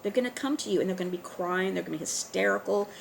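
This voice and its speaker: A woman talking straight to her viewers in a casual monologue, earnest and urging, often pausing on fillers and restarting. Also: medium pitch, vocal fry, slight background noise, low-quality recording. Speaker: online video host. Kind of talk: casual direct-to-camera monologue.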